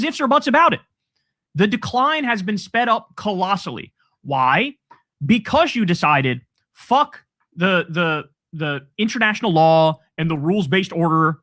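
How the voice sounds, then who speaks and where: A man's voice: high voice, fairly bright tone, dry recording. A man delivering angry, profane political commentary on a livestream, ranting sarcastically.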